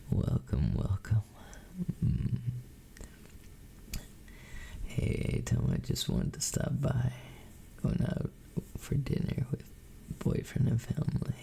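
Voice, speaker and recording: Man's gravelly, slow whispered role-play. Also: on the low side, wildly swooping pitch, warm tone. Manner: slow, doting whispers, calls listeners sweetheart. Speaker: streamer greeting chat.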